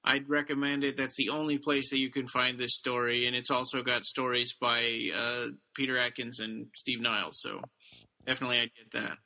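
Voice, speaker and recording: A man's voice: mid-range voice, flat delivery, normal speed, pushed and bright, muffled recording. A man co-hosting a podcast, casually retelling a short story with plenty of ums and restarts. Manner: retells stories loosely, with many fillers. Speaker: podcast co-host. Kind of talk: casual chat about books.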